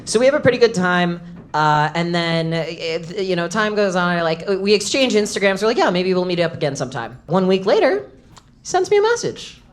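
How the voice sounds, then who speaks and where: A comedic storyteller telling a live story to an audience, animated and bursting into loud shouts at punchlines. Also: female voice, on the low side, fairly quick, slight background noise. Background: audience laughter.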